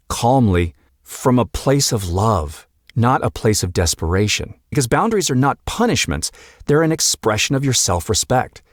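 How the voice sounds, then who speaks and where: A man hosting his own podcast as a marriage coach, speaking earnestly and deliberately with emphatic pauses. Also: medium pitch, dry recording, clean studio sound. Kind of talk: solo podcast monologue.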